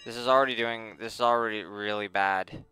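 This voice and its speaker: A man's voice: on the low side, fairly even intonation, brisk, sharp tone. A young man giving exasperated, sarcastic let's play commentary, muttering at the game as he plays. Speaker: gaming channel host.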